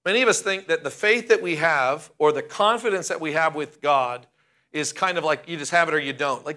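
A male pastor preaching a sermon, emphatic and slowing down to stress key words. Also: fairly high pitch, bright, forceful tone.

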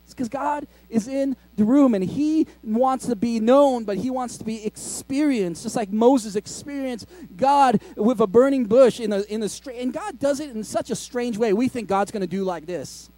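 A man's voice: very high voice, normal speed, hardly any pauses, warm tone. A man, a pastor, preaching a sermon in a conversational, joking way with laughing asides, in a school cafetorium used as a church.

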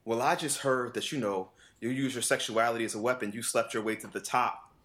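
A man in relaxed conversation, spinning a personal story with plenty of acted-out back-and-forth. His voice sits in an ordinary middle register, and he jumps up into other voices whenever he quotes someone. He laughs easily and swears freely. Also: medium pitch, a little fast. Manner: animated, acts out quoted dialogue with voice shifts; frequent laughter and casual swearing. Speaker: vocal coach. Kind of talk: casual storytelling chat.

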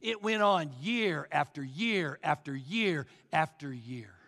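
A man's voice: a little high, lively intonation, takes it slowly, fairly bright tone, in a large hall. A male pastor preaching a sermon with emphatic repetition, often addressing the crowd as folks.

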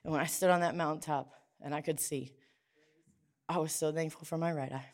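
A woman's voice: deep voice, fairly even intonation, fairly quick. A woman preaching a sermon, telling a personal story in a conversational way with frequent restarts.

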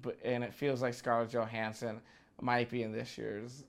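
A man's voice: medium pitch, little pitch movement, normal speed, creaky. A man, a film critic, giving emphatic, opinionated takes in a casual podcast chat, often restarting his sentences.

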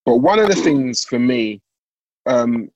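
Host, middle-aged man, measured delivery, husky voice. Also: mid-range voice, expressive, a little mellow, no room sound, highs cut off. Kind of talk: interview conversation.

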